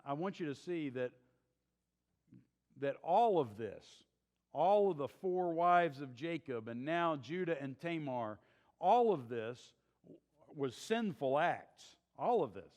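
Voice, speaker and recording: A man's voice: fairly high pitch, expressive, slow, a little mellow, in a large hall. A man teaching a church Bible survey class, retelling a story in a conversational, folksy way with chuckling asides.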